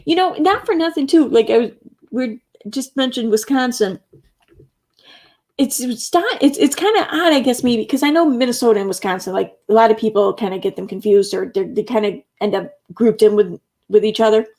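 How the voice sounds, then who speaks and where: Chatty woman streamer with a gravelly voice. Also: on the high side, brisk, dark tone. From Central New York. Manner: chatty, laughs often, reads chat comments aloud. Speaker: live streamer. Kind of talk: casual live stream chat reading comments.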